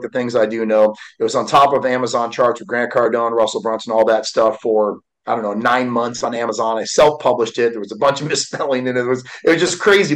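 A man's voice: mid-range voice, low-quality recording. A man in his forties, a guest speaker telling his life story in a candid, heartfelt way with frequent fillers. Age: 40s. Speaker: guest, motivational speaker and author. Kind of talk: emotional personal storytelling.

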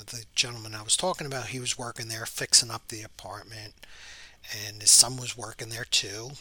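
A man, a real estate agent, telling an anecdote in a chatty, halting way, often dropping to a near whisper. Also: mid-range voice, pushed and bright, husky.

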